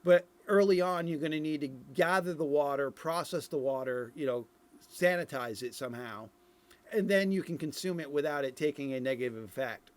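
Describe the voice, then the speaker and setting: A man's voice: fairly high pitch, normal speed. A middle-aged man from Ireland giving casual commentary on game footage, thinking aloud with many fillers and restarts. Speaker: streamer reviewing game dev footage.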